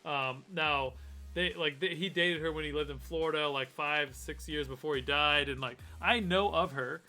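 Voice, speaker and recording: A man's voice: fairly high pitch, moderate pace, pushed and bright, soft background music. A man hosting a casual live stream, rambling with lots of fillers and restarts. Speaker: host.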